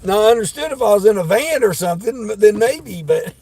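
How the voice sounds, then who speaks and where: A man's voice: sits high, animated, a little fast, a little mellow. A man from the American Midwest, chatting casually to his live-stream viewers from his car, greeting them by name and laughing often. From Midwestern United States. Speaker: delivery driver livestreaming. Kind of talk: casual live-stream chat while driving. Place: inside a car on the road. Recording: road and car noise behind.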